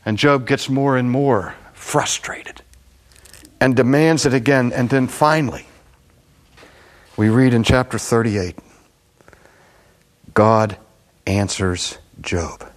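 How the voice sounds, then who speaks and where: Dramatic male preacher, mid-pitched. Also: slow pace, long pauses. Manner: dramatic, emphatic, wide-ranging delivery. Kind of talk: sermon.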